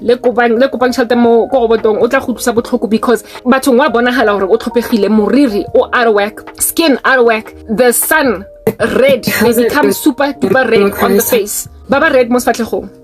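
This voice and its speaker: South african woman ranting hard, higher pitched voice, scolding and fiery, faint music under her. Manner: fiery, scolding, switches between English and local languages. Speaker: online preacher and commentator. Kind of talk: impassioned commentary monologue.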